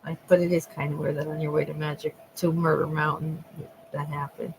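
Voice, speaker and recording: A woman in her thirties chatting with viewers on a livestream. Her voice has a gravelly fry, and she talks loosely, swearing and laughing as she goes. A faint hiss sits under the recording. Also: low-pitched, flat delivery, fairly quick. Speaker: livestream host. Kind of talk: casual chat with live viewers.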